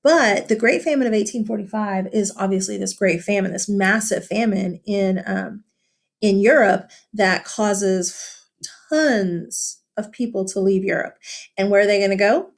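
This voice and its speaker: A woman teacher talks through a vocabulary worksheet with her students. Her delivery is loose and conversational, with plenty of fillers and quick check-ins. She sounds like she is recording a lesson for her class. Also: mid-range voice, gravelly. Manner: casual, chatty, with many fillers and tag questions.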